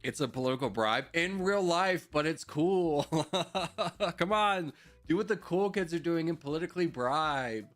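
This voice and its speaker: A man's voice: a little high, expressive, measured pace, fairly bright tone, soft background music. A man streaming a strategy game live, chatting with viewers in joking mock rants and laughing often.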